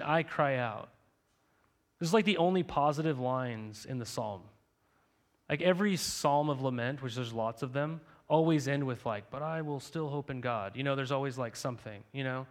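A man's voice: medium pitch, normal speed. A young man preaching a sermon to his congregation in a conversational way, full of rhetorical questions and "right?". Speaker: pastor.

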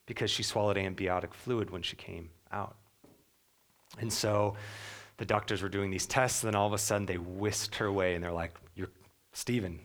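A young adult man preaching a sermon as pastor, earnest, sometimes dropping to a soft hush. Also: on the low side.

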